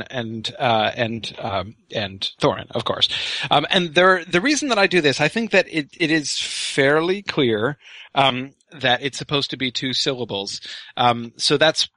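A man's voice: medium pitch, bright, forceful tone, no echo. A middle-aged man co-hosting a podcast as a literature professor, explaining things casually with many fillers and restarts. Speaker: podcast co-host, Tolkien professor.

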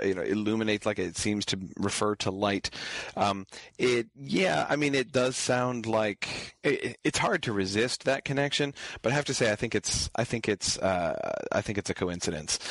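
A man teaches an online class in a patient, halting way, full of fillers and restarts as he answers viewer questions. His voice sits a little low. The sound is dry and close, with no room echo. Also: a bit bright. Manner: explains pronunciation patiently. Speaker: lecturer leading an online class.

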